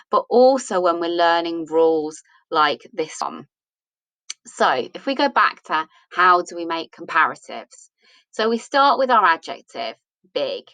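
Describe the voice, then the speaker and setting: Female English teacher, slow and patient, talking through grammar rules, dry close sound. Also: on the low side, a bit bright, no room sound, low-quality recording. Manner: patient, asks and answers her own questions. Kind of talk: explaining a grammar lesson.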